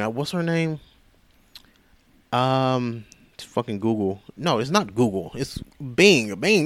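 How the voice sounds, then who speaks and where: A man rambles through a movie recap, swearing freely and slipping into quoted voices. His voice sits at a middle pitch. The sound is close and dry. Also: no room sound. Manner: profane, rambling, animated retelling with quoted voices. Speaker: podcast host.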